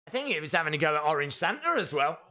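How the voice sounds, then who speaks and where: Excitable man reacting to wrestling. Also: fairly high pitch, rapid-fire. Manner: excitable, bursts into shouts. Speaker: live stream watch-along host. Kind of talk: live wrestling reaction commentary.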